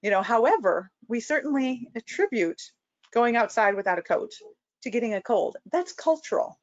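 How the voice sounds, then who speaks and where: A woman's voice: a little high, very animated, normal speed, no echo, lo-fi sound. A woman clinician giving a conversational training lecture, full of fillers and restarts. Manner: conversational, many "you know" fillers and restarts. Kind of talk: recorded training webinar lecture.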